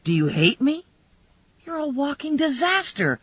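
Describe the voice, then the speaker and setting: A woman putting on a gruff, teasing male cop. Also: high voice, very animated, measured pace, no echo, voice pushed up. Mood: exasperated. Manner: blunt, teasing, exasperated. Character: gruff wisecracking male cop, lower-voiced. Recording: dull lo-fi dry recording.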